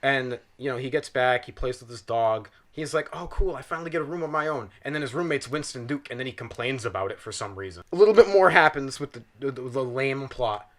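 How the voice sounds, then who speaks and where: A man's voice: medium pitch, a little fast, few pauses. A young man on a podcast, animatedly and profanely ranting through a comedic film review. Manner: animated, exaggerated, profane storytelling. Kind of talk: casual comedic rant.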